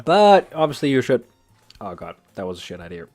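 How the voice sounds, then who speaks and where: A man's voice: mid-range voice, sing-song, fairly quick, darkish tone, faint music behind. A man from Germany, rambling and swearing in casual game-stream commentary. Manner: rambling and profane, many restarts. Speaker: gamer streamer. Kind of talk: let's play commentary.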